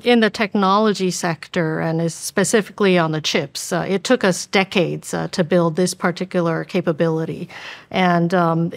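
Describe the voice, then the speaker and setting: Measured woman, low voice, careful answers. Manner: careful, with frequent ums and uhs. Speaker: vice president, interview guest.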